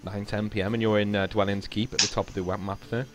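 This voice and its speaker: A man's voice: on the low side, flat delivery, fast. A man running a tabletop game as game master, telling the scene with many fillers and restarts. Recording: faint music behind.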